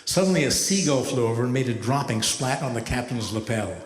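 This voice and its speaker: A man in his seventies, a rabbi doing stand-up comedy, telling stories with a wry, measured delivery and deadpan punchlines. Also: medium pitch. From United States. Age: 70s. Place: large hall with a live audience. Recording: echoey hall from far off.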